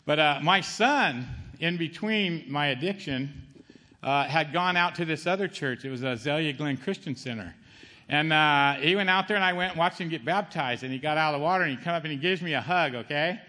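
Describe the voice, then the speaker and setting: High-voiced middle-aged man giving testimony. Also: fairly quick, pushed and bright, in a large hall. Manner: conversational, keeps asking the crowd "okay?" and saying "man". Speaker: testimony speaker. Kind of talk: spoken church testimony.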